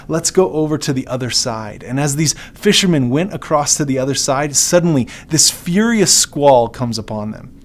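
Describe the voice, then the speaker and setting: A man's voice: mid-range voice, a little hiss or hum. A man giving a short devotional talk as a preacher, earnest and conversational.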